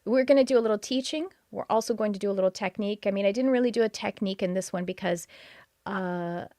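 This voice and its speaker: A woman's voice: mid-range voice, fast talker, warm tone, dry recording, studio quality. A woman from Texas with a Texas accent, hosting a live-streamed podcast, greeting viewers and talking about her courses with enthusiasm. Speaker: podcast host.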